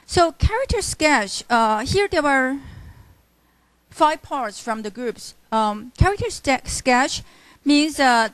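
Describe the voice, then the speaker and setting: A female literature teacher, giving a classroom lecture in a halting style full of fillers and self-corrections. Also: sits high, no room sound. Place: university classroom.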